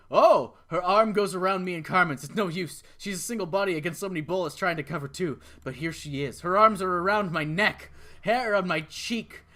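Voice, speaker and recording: A man hosting a let's play, reading a visual novel aloud with dramatic narration broken by excited outbursts. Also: high-pitched.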